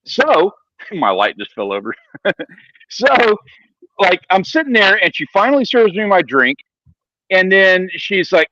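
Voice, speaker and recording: A man's voice: sits high, sing-song, a little slow, long pauses, dull audio, noisy background. A man co-hosting a casual chat, telling a profane story. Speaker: co-host.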